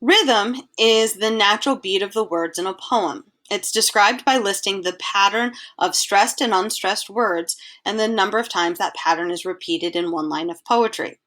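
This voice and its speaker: A woman teacher giving a recorded slideshow lesson, explaining each point patiently and reading verse aloud slowly. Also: medium pitch, fairly bright tone. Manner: clear, patient explaining, reads poem lines aloud in a slow measured way.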